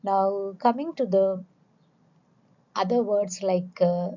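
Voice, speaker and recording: A woman's voice: mid-range voice, slow, dark tone. Patient woman teaching an English lesson. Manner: patient, repeats examples and spells words out letter by letter. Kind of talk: classroom grammar lesson. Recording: dull lo-fi recording.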